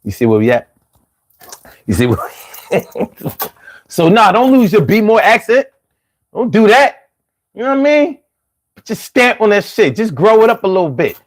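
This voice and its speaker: Animated Philadelphia man chatting casually. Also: high voice, normal speed, long pauses. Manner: loose and animated, drawls words out when joking. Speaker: live stream host. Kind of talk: casual live-stream chat.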